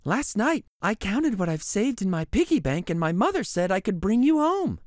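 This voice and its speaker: A man voicing an eager, hopeful little girl in a storybook, pitched far above his own voice. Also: moderate pace, no echo, studio quality. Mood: happy. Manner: high, bright and excited.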